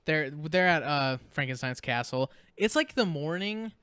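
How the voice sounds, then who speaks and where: A man's voice: on the high side, expressive, measured pace, bright, forceful tone. A man co-hosting a podcast, casually recapping a movie, rambling and laughing as he mocks the characters in quoted voices. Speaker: podcast co-host.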